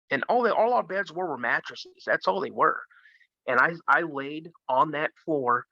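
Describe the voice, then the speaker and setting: A man from Minnesota, a guest telling a story in a casual, animated way. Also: mid-range voice, dry recording. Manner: animated, acts out the voices of others. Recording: dull lo-fi sound.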